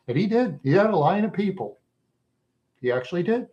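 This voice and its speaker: A middle-aged man from Minnesota with a rough voice worn down by years of smoking. He talks to his viewers in a loose, rambling way, stopping often to chuckle. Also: high voice, big pitch swings, moderate pace, a little mellow, lo-fi sound. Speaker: livestream host chatting with viewers. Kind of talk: casual rambling chat.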